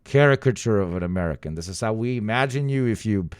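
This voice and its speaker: A man with a Balkan accent, a streamer talking casually to chat, loud and profane with frequent laughing. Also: animated, fast, smooth, dry recording, clean studio sound. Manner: loud, profane, laughing, swings into high outbursts.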